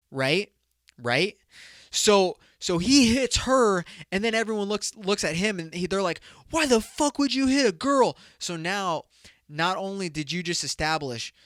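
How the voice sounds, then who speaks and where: A man's voice: on the high side, a bit bright, dry recording, clean studio sound. A man hosting a comedic solo podcast, telling a rambling, profane story and laughing at his own jokes. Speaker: podcast host.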